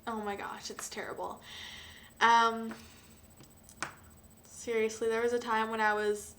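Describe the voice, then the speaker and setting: A young woman talking hesitantly and emotionally to camera, with frequent sighs and pauses. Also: fairly high pitch, little pitch movement, fairly bright tone, slight background noise. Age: young adult. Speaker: vlogger. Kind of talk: personal confessional vlog.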